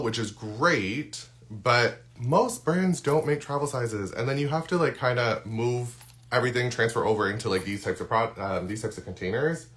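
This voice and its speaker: A skincare content creator with a mid-range, slightly bright male voice is losing his voice. He chats casually through a live-stream unboxing, with lots of ums and restarts.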